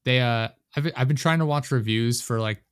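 A man's voice: mid-range voice, normal speed, clear, resonant tone, no room sound, studio quality. A man chatting casually, rambling and swearing, often laughing at his own stories. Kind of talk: casual chat.

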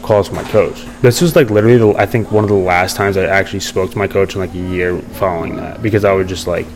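A man's voice: low voice, steady tone, fast talker, poor audio. Young man rambling through his story. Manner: rambling, many fillers and restarts. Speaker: podcast guest. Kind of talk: casual storytelling interview.

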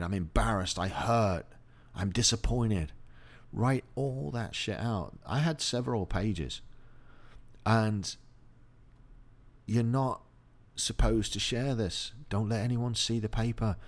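A middle-aged man hosting a motivational monologue, blunt and profane, speaking openly about personal grief. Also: fairly low pitch. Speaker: host.

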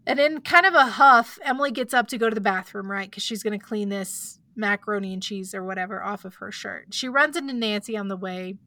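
A woman's voice: medium pitch, a little fast, few pauses, bright, forceful tone, dry recording. A woman hosting a podcast, retelling a story in a chatty casual way, full of likes and asides. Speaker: podcast host.

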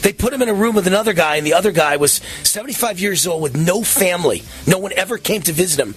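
Indignant high-pitched talk radio man. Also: fast talker, faint music behind. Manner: animated and indignant, acts out scenes. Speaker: radio talk show host. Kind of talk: ranting talk radio monologue.

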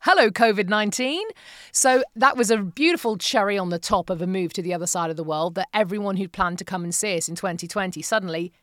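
A woman in her forties speaks as a podcast guest, candid and self-mocking, swearing now and then. Her pitch sits in the middle of the range. She is recorded on a dry, close mic. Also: fast, no echo. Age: 40s. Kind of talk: candid conversational storytelling.

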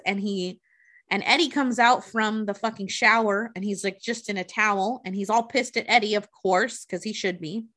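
A woman with a slightly high voice tells a film's story in loose, casual chat. She swears freely and jumps into the characters' lines as she goes. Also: pushed and bright. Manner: profane, chatty, acts out characters' lines. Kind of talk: casual movie recap storytelling.

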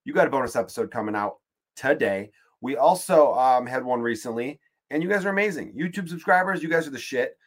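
A man's voice: mid-range voice, expressive, fairly quick. A man hosting his own podcast, rambling through a casual comedic monologue and swearing freely. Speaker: podcast host.

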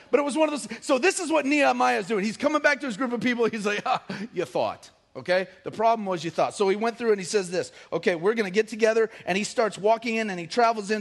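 A man's voice: high-pitched, animated, quick pace, vocal fry, few pauses. A middle-aged male pastor preaching a casual, joking sermon and acting out quotes from the story.

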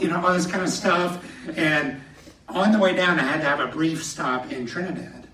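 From a podium in a church sanctuary, a pastor preaches a sermon, animatedly telling personal stories and laughing as he goes. His voice is fairly high and at normal speed, captured somewhat distantly in an echoey hall with a little hiss or hum.

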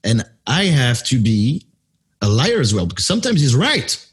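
A French man with a French accent, a wrestling announcer appearing as a guest, explains things at length in an interview, sometimes searching for words. His medium-pitched voice is sing-song and slightly rough, at normal speed.

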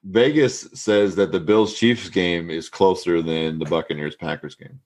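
A man's voice: low-pitched, fairly even intonation, measured pace, darkish tone. A man co-hosting a casual sports chat, wry and contrarian, needling the others for fun.

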